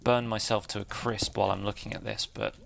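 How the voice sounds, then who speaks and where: Chatty, gravelly man. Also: fairly low pitch, flat delivery, brisk, fairly bright tone, a little hiss or hum. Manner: chatty, self-deprecating, laughs often. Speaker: Minecraft let's-play host. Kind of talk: casual gameplay commentary.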